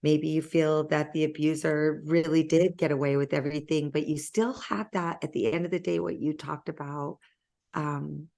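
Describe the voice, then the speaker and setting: A woman hosting an interview, talking reflectively in a halting, soft-spoken way with many pauses. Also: sits low, fairly even intonation, gravelly. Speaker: interview host.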